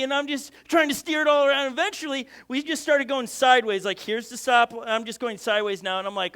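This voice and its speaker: A middle-aged man preaching a sermon as a pastor, an animated storyteller who keeps checking in with "okay?" and "right?". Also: very high voice, brisk, hardly any pauses, clear, resonant tone.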